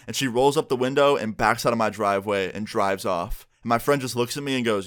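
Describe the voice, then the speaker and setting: A young man tells a storytime vlog in a relaxed, casual way. His voice sits in the middle range. He animates the story by acting out what each person said. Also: medium pitch, a little fast, few pauses. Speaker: vlogger telling a story.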